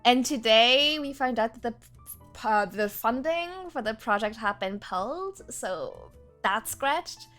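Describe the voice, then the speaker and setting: Woman streamer, casual chat with viewers, high bouncy voice, soft music playing underneath. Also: slow pace. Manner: animated, laughs often, rambling restarts.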